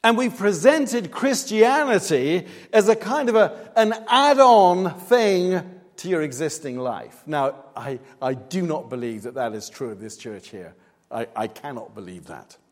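A man's voice: a little high, expressive, unhurried. A man preaching a sermon in a church, earnest and emphatic, pressing hard on his key points. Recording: long reverb, hall-like.

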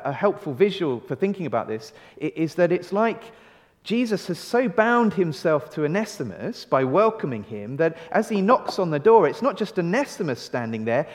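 Earnest male preacher in a reverberant hall. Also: high voice. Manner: earnest, stretching key phrases for emphasis; conversational, with restarts and rhetorical questions. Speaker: pastor. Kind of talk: sermon.

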